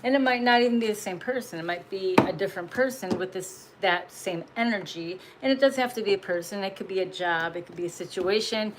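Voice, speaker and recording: A tarot reader delivers a casual spiritual message, blunt and profane, laughing often and emphatically pressing her points. Her mid-range voice runs a little fast with hardly any pauses, over very noisy audio.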